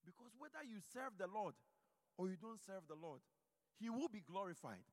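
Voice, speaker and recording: A male pastor from Ghana preaching a sermon, moving between loud exhortation and quiet, personal storytelling. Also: high-pitched, very animated, moderate pace, big-room sound.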